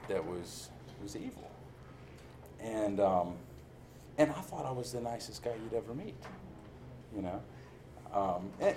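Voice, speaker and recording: A man gives a candid recovery testimony, laughing often and poking fun at himself. His voice is lowish and a little mellow, and the recording carries a slight hiss or hum.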